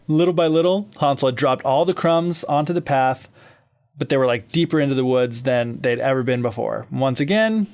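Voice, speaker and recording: A man's voice: medium pitch, normal speed, darkish tone. A man co-hosting a podcast, loosely retelling a fairy tale in casual chat, full of fillers and easy laughter.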